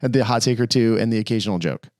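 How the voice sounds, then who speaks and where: A middle-aged man co-hosting a podcast in casual chat, rambling and animated with frequent restarts. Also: on the low side, rapid-fire, dry recording, studio quality. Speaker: podcast co-host.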